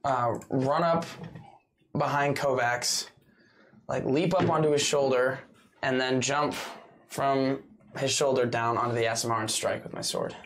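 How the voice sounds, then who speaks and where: A man's voice: medium pitch, fairly even intonation, measured pace, a bit bright. A man playing a tabletop game, talking casually and checking the rules with questions. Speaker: player.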